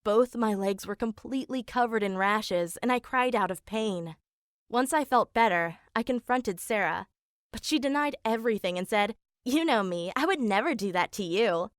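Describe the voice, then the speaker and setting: A woman's voice: on the high side, lively intonation, normal speed, no echo, clean studio sound, close to an everyday voice. A woman voicing an eighteen-year-old girl narrating her own story in an animation, in a plain, matter-of-fact way, as scripted first-person narration. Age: young adult.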